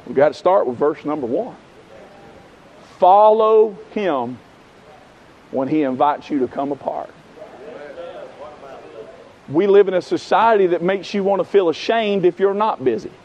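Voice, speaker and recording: A man's voice: high voice, a little mellow, muffled recording. A man preaching a revival sermon under a tent, fervent and building through rhythmic repetition.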